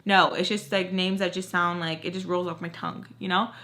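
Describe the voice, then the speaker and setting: Bright, animated young woman telling a story. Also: lowish voice, a little fast. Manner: animated, heavy use of "like", acts out quotes. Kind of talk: casual storytime chat.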